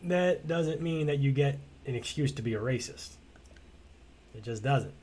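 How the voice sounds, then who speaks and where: A man's voice: mid-range voice, animated, measured pace, a little mellow. Male streamer, casual let's-play commentary, blunt and rambling, swears a lot. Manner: chatty and blunt, swears freely, rambling asides. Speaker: game streamer.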